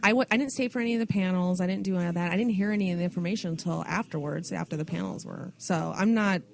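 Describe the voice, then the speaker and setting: A woman's voice: fairly low pitch, racing, gravelly, darkish tone. A woman guest who works at a comic shop, talking bluntly and matter-of-factly. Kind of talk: casual chat.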